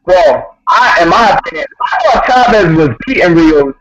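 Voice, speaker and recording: A man giving blunt, excitable boxing opinions, swearing casually. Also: high-pitched, moderate pace, very noisy. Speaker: guest analyst. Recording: lo-fi call with loud crowd behind.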